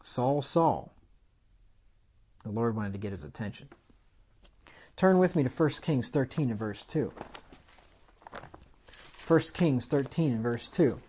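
A man preaching a sermon with animated delivery, rising loud on key points and asking the congregation rhetorical questions. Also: mid-range voice, unhurried, long pauses, breathy edge, highs cut off.

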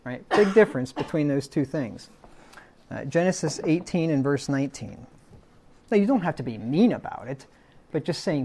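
A man preaching a verse-by-verse sermon, working through word definitions in a deliberate way and often asking "right?". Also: on the high side, expressive, darkish tone. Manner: deliberate, lists synonyms, asks "right?".

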